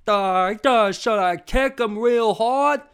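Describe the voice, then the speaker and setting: A man voicing a dim-witted male ostrich henchman with a slow, dopey "duh" drawl. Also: high voice, fairly bright tone, clear, resonant tone, pitched above the performer's own voice.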